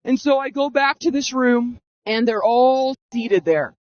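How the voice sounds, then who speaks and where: A high-pitched woman around thirty recounts her own story with earnest drama, acting out how she reacted back then. Her voice runs through a masking filter, and the recording is dull and dry with no room sound. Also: a little slow, a little mellow, dry recording. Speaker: storyteller giving personal testimony. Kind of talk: first-person storytelling.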